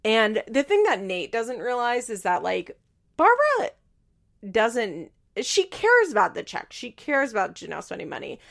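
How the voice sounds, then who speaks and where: A woman's voice: a little high, wildly swooping pitch, normal speed, gravelly, fairly bright tone. A young woman hosting a podcast, casually recapping a reality show in a gossipy, swearing, chatty way. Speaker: podcast host.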